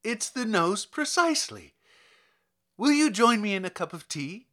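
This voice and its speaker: Male reader as high, lively, frantic official; loud, bright exclamations. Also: measured pace, exaggerated voice. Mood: excited. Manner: excited, exclaiming. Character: flustered noseless male official, excitable.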